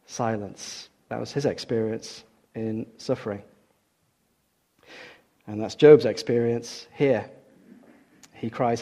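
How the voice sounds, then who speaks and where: A man's voice: medium pitch, fairly even intonation, slow, long pauses, mellow. Earnest man preaching a sermon. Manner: earnest, emphatic, repeats key words for stress.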